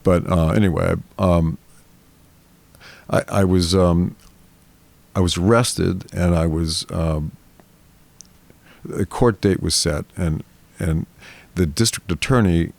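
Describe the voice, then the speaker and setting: Male interview guest, deep and gravelly, rambling anecdotal storyteller who acts out the voices in his story. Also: steady tone, slow, long pauses, darkish tone. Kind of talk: casual storytelling in a therapy interview.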